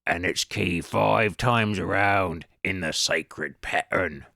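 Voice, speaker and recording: A man's voice: sits low, takes it slowly, gravelly, pushed and bright, no echo, clean studio sound, pitched below the performer's own voice, full character voice. A man voicing a greasy, ragged male adventurer who digs up relics and calls everyone mate. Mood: drawling. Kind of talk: reading video game dialogue aloud.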